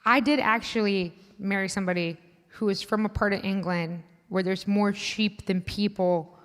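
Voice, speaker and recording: A woman from Indiana performing a stand-up comedy set, chatty and self-deprecating, building to loud punchlines. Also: medium pitch, steady tone, normal speed, big-room sound. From Indiana, USA. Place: comedy club stage. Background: live audience.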